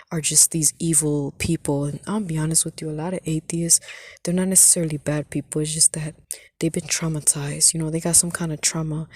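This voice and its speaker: A woman's voice: sits low, darkish tone, breathy edge, no room sound, clean studio sound. A woman vlogger sharing her faith testimony in an earnest, casual way, often saying "you know" and dropping into whispers.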